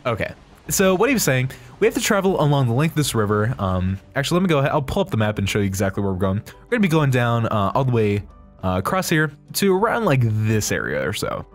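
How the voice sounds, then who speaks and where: A man hosting a let's play, giving excitable, jokey game commentary. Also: mid-range voice, quick pace, soft background music.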